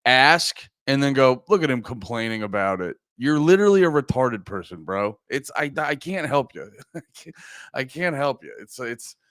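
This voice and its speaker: Groggy, rambling podcast host, dry sound. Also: male voice, mid-range voice, big pitch swings, moderate pace, fairly bright tone, no room sound. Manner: rambling, profane, talks to chat. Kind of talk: casual livestream chat.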